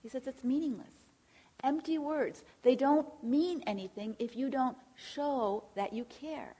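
A woman's voice: high-pitched, measured pace, mellow, slightly rough. A middle-aged woman giving an earnest faith-based teaching talk as a Christian counselor, speaking directly and asking rhetorical questions.

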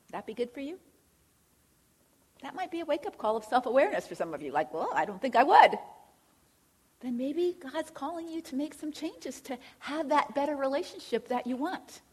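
A woman's voice: sits high, animated, normal speed, a little mellow, husky. A middle-aged woman giving an earnest faith-based teaching talk as a Christian counselor, speaking directly and asking rhetorical questions.

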